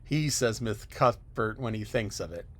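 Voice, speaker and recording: A man reading an audiobook, voicing a stern, disapproving middle-aged spinster who speaks curtly and briskly. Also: on the low side, animated, fairly bright tone. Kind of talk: audiobook character voice.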